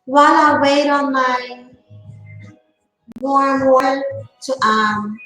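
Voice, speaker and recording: High-pitched woman chatting slow on her stream, sarcastic, echoey room with faint music. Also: sharp tone. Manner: sarcastic, laughs often, talks to chat. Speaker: livestream host. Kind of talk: casual livestream chat.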